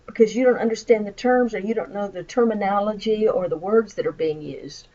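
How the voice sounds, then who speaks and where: A woman's voice: medium pitch, brisk, dark tone, dull audio. A woman with a Southern American accent, a college instructor giving a recorded lecture over slides and explaining with acted example phrases. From Midwestern United States.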